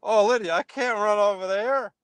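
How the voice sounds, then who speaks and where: Out in a yard as dusk falls, a man on a phone live stream talks casually, reacting with animation and replying to chat comments. He speaks at normal speed in a high, clear, resonant voice, and the recording is dry.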